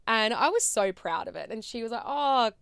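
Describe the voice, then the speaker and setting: A woman in her thirties with an Australian accent, hosting a podcast and telling a personal story in a chatty, animated way with fillers. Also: on the high side, fairly quick, gravelly, no room sound, clean studio sound. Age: 30s. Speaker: podcast host.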